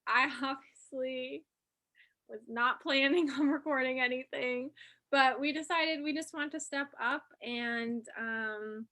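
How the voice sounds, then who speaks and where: Bright-voiced woman, kinda high, chatty, swears casually, laughs at herself. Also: slow. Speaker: co-host. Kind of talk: casual heart-to-heart chat.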